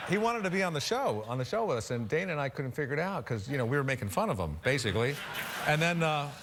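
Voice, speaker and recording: A man's voice: fairly high pitch, very animated, quick pace, background noise. A man in his fifties, a talk show guest telling dry, self-deprecating anecdotes in casual conversation. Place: television studio.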